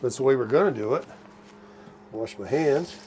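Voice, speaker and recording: In a mid-range voice at normal speed, an animated older man cooks at his RV and chats casually to the camera, folksy but tired and somewhat out of breath. The vlog moves between indoor and outdoor spots at an RV park, and background noise is noticeable.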